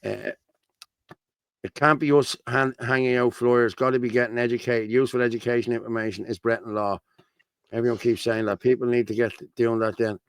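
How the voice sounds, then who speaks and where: An Irish host with a Dublin accent runs a casual livestream, speaking bluntly and reading out viewer comments. His medium-pitched voice is smooth and steady in tone, with a brisk delivery and no room sound.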